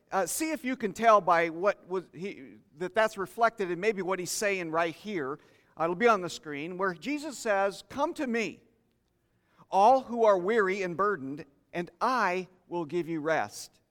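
A man's voice: high-pitched, a bit bright. A man preaching a sermon in a conversational way, inviting the congregation to share their thoughts. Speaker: pastor. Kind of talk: interactive sermon. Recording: long hall reverb.

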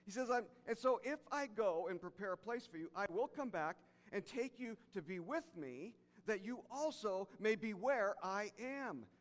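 A pastor preaching a sermon, emphatic, repeating key phrases and dropping soft for emphasis. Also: male voice, sits high, animated, normal speed, hardly any pauses. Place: church sanctuary. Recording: church hall reverb.

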